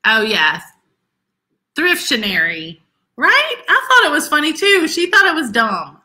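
A chatty woman hosts a live stream, her voice bright and a touch high. Her pitch swings widely as she teases her co-hosts and reads out comments. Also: huge pitch swings, unhurried. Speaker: co-host of live resale show. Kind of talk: casual live-stream chat.

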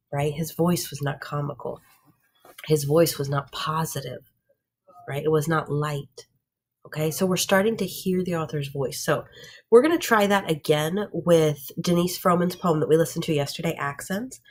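Low husky-voiced woman teacher. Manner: checks in with "right?" and "okay?". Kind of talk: recorded classroom lesson.

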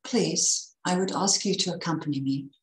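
A woman's voice: lowish voice, moderate pace, roomy sound, lightly acted, low-quality recording. A woman voicing a mysterious male cavalier who speaks politely and urgently.

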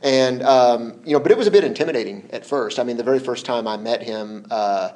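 A man as an interview guest, telling stories in a relaxed, hesitant way, repeating words and laughing often. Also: medium pitch, fairly quick. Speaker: interview guest, former translation collaborator. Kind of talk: relaxed conversational storytelling.

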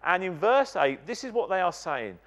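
A man preaching a sermon in a church, emphatic and animated, putting questions to the congregation. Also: high-pitched, moderate pace.

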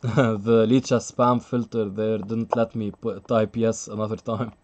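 A man's voice: on the low side, little pitch movement, measured pace, a little mellow. A man commentating live chess on a stream, chatty and thinking aloud, laughing often and reading out the chat.

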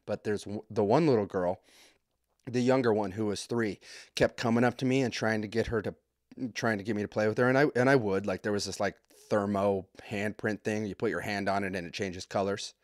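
A man hosting a podcast, telling a comedic story in a profane, rambling, joking way with quick asides. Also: fairly low pitch, steady tone, no echo, clean studio sound. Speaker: podcast host.

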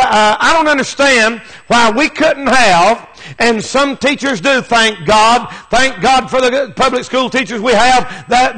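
A male preacher with a very high, bright and forceful voice. He preaches a fervent, emphatic sermon, driving his points home through repetition. His speech is folksy and plain, and he often rises to shouts. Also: low-quality recording.

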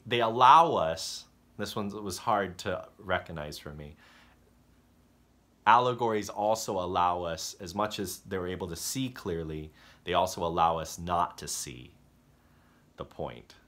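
A male pastor with a low voice delivers an unpolished, conversational sermon. He hesitates and restarts often, then breaks into lively acted-out character lines while retelling stories. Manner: halting, self-correcting delivery that acts out story characters.

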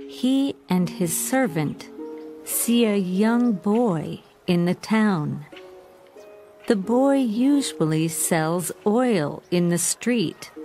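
Very slow, clear woman narrator. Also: mid-range voice, mellow. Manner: very slow, clear, measured reading. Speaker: storyteller for English learners. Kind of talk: scripted narration for beginners.

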